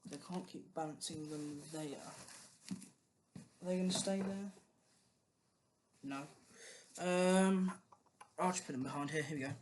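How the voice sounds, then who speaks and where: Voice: medium pitch, a little slow, long pauses, a little mellow, slight background noise. A British speaker chatting casually at home about a book collection, rambling with frequent ums and restarts. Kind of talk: casual book haul chat.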